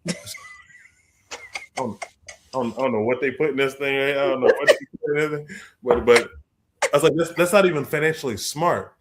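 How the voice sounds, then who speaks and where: Young guy telling a story all animated, acts out voices, talks in the middle of his range. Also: medium pitch, a little fast, long pauses, noisy background. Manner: expressive, acts out quoted voices, repeats words. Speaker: guest author.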